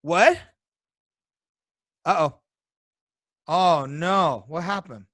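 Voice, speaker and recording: A man's voice: fairly high pitch, extremely slow, fairly bright tone, dry recording. A man co-hosting a podcast, delivering an angry, profanity-heavy rant over a video call. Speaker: podcast co-host. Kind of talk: casual podcast chat.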